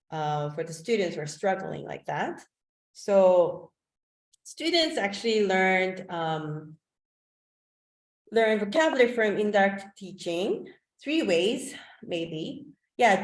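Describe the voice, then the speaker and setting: A woman whose first language is Korean gives an online teacher-training talk over a video call, chatty and loose, with frequent "like" and "um". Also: on the low side. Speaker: teacher presenting a webinar. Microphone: video call microphone. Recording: echoey room.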